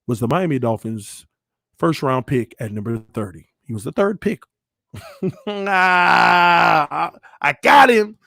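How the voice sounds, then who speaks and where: A man's voice: on the high side, fairly bright tone, no echo, clean studio sound. A man hosting a casual live-stream, reading viewer comments aloud, laughing and joking as he stumbles over names. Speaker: channel host.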